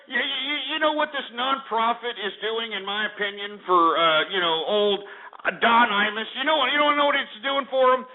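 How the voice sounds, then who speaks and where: Brash ranting radio host man. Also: very high-pitched. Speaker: radio talk show host. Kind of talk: call-in radio rant. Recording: phone-like narrow band.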